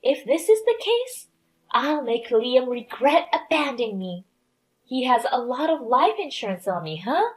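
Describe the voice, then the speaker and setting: A woman's voice: high voice, very animated, measured pace. Woman voicing a whiny, spiteful sick young wife. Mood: vengeful. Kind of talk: scripted story narration.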